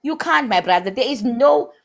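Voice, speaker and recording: With vocal fry and lively intonation, this woman speaks at a normal speed in a voice on the high side. She has a South African accent and is debating heatedly on a live stream, scolding passionately and mixing in Zulu words.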